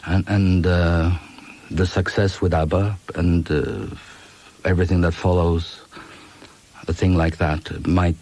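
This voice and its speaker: A Swedish man in his fifties, a musician chatting in an interview in a relaxed, joking way with many restarts. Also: low-pitched, slow pace. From Sweden. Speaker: musician guest. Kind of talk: casual interview chat.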